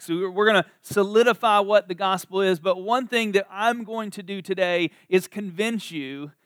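A man delivers a church sermon in a high, smooth voice. He sounds conversational yet emphatic, slowing down to lean on the words that matter. The sound is close and dry. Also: fairly bright tone, no echo. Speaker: preacher. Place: church service.

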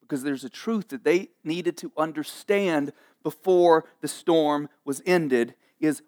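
A pastor with a high voice preaches an energetic sermon at a slow pace, joking with his listeners and playfully acting out the people in the story.

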